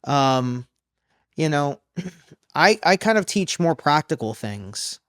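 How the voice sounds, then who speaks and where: A man who coaches singers, explaining in a loose, halting way during a casual podcast interview. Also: fairly high pitch, very animated, a bit bright, no room sound, clean studio sound. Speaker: vocal coach. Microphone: studio microphone.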